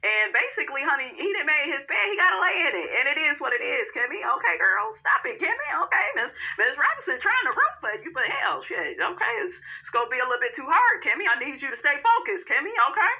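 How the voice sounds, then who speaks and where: A woman's voice: high-pitched, very animated, fast talker, hardly any pauses, dull audio. A woman hosting a casual reality TV recap, sassy and talkative, calling her listeners honey and child and laughing at the drama.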